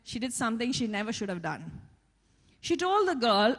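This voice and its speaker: A woman preacher giving a sermon, telling a story in an animated way and calling out praise. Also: on the high side, moderate pace. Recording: long hall reverb.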